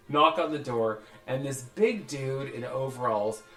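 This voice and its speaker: Animated man telling stories in a roomy space. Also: mid-range voice, takes it slowly. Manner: animated storyteller, acts out quoted voices, swears freely. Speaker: podcast host. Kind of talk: casual storytelling chat. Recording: roomy echo with faint music.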